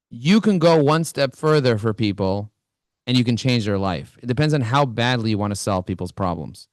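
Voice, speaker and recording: A middle-aged man giving a high-energy business talk, swinging his pitch up and down as he plays out both sides of conversations. His voice sits in an ordinary register and sounds close and dry, with no room around it. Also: no room sound. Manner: animated storytelling, acts out both sides of dialogues. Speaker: business speaker.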